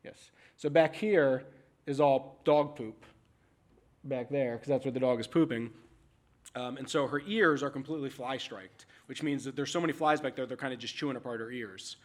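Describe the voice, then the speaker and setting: A man giving a conference talk as an animal services manager, telling stories in a casual, frank, animated way. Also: medium pitch, normal speed. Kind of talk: conference presentation. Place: conference stage.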